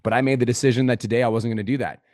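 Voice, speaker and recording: A man leads a group coaching call, his talk full of swearing and motivational push. His voice sits at a middle pitch, and the sound is dry and close. He shifts from calm, low explaining to sudden loud outbursts. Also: racing, no echo. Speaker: business coach.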